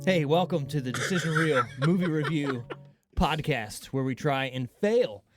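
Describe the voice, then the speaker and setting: A man's voice: a little high, animated, moderate pace, over music. A man hosting a movie review podcast, chatting casually in an easygoing, joking way. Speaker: podcast host. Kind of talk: casual chat.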